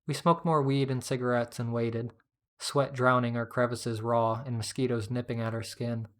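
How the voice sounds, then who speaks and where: Male narrator for first-person fiction, steady and plain, mid-pitched. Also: moderate pace. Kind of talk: first-person story reading.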